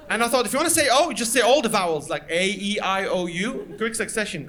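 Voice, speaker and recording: A man from Lebanon, doing a stand-up comedy set in a live venue with lively, animated storytelling. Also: high voice, quick pace, few pauses, a crowd in the background. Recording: live stage recording, loud audience laughter.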